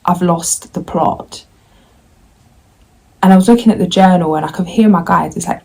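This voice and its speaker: A woman tarot reader talks candidly and at length to her viewers, rambling and slipping into her inner self-talk. Her voice sits low and gravelly, with a husky, mellow grain. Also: moderate pace, pauses often, rough recording. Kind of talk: candid confessional vlog.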